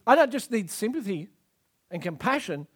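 Male preacher, sermon, emphatic, lively rising and falling pitch. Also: moderate pace. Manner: emphatic, acts out scripture scenes.

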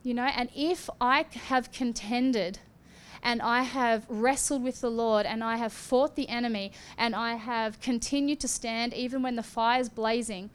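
A woman preaching and giving prophecy in a fervent charismatic style, with rising exclamations and sharp gasps. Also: on the high side, fairly even intonation, a little slow, smooth. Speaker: prophetic minister.

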